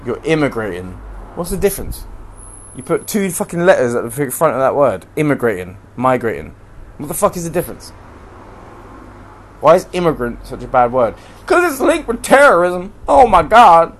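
A man's voice: medium pitch, big pitch swings, brisk. A young man hosting a solo podcast from home, ranting in a profane, rambling, heated way. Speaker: podcast host. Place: room at home.

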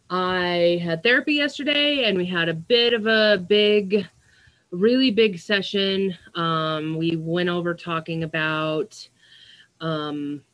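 In a low-leaning voice with a fairly bright tone, a young woman vlogger chats in a loose diary format. Her monologue meanders, peppered with plenty of "like" and "um."

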